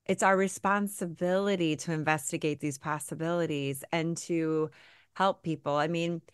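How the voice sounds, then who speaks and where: A woman hosts a podcast interview in a very low voice, recorded dry with no room sound. She talks reflectively, rambling with fillers. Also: fairly even intonation, moderate pace, smooth, no room sound. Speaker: podcast host. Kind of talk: conversational interview.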